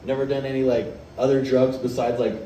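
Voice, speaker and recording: A man's voice: mid-range voice, level tone, a little fast, dark tone, echoey room, distant mic, slight background noise, rough recording. Profane young man telling a story. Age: 20s. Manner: profane, rambling, laughing through the story. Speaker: stand-up comedian. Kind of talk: stand-up storytelling.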